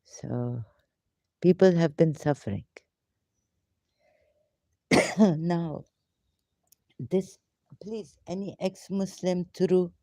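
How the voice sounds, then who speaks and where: A woman hosting a casual live question-and-answer session, talking in halting, rambling, broken English with frequent fillers, and sometimes talking to herself. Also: low voice, dark tone, no echo. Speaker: live Q&A host.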